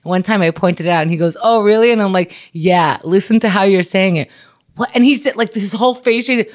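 A woman comedian chatting casually, telling animated stories with frequent laughter. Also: medium pitch, brisk. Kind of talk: casual chat.

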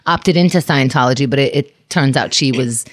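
A woman's voice: very deep voice, moderate pace, dry recording. A woman co-hosting a podcast, chatting casually and telling stories with jokey asides. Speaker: podcast co-host. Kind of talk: casual gossip chat.

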